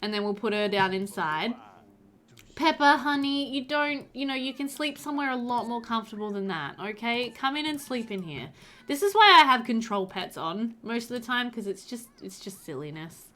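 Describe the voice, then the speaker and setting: Young woman let's-play host, lightly high-pitched, chatty, doting commentary. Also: lively intonation, brisk, sharp tone. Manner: chatty and doting, coos over pets, frequent laughs. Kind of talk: casual gameplay commentary.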